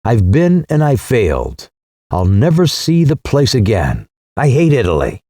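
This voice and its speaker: A man's voice: wildly swooping pitch, measured pace, mellow, no echo, studio quality. A male narrator playing an agitated, sardonic young Englishman in an audiobook reading. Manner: exclaiming, high-strung.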